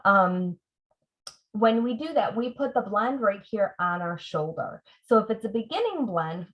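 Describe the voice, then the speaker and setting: A woman's voice: medium pitch, animated, measured pace. A middle-aged woman reading tutor leading a parent workshop, patiently breaking words into sounds as she demonstrates. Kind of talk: teaching demonstration. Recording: dull lo-fi sound.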